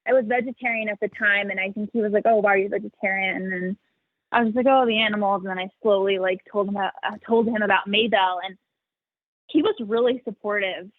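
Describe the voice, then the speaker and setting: Speaking quickly at a medium pitch with fairly even intonation, this young woman answers interview questions about the animal sanctuary she founded. She's chatty, laughs frequently and leans heavily on "like." There's no echo, and the audio is dry with a narrow, phone-like quality.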